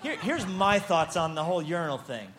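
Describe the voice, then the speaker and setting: Playful pastor man, slightly high voice. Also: sing-song, brisk, fairly bright tone. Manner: playful, storytelling, acts out exchanges. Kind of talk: humorous sermon.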